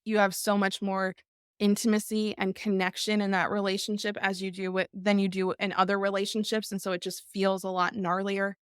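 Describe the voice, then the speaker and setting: A woman's voice: mid-range voice, smooth, no room sound, clean studio sound. A middle-aged woman hosting a podcast, speaking earnestly and tearfully in a reflective live talk, repeating phrases for emphasis. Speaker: podcast host.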